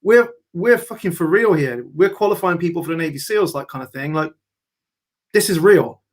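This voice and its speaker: A man's voice: on the high side, animated, normal speed. A man hosting a casual talk show, chatty and swearing, often laughing as he talks. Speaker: host. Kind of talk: casual chat.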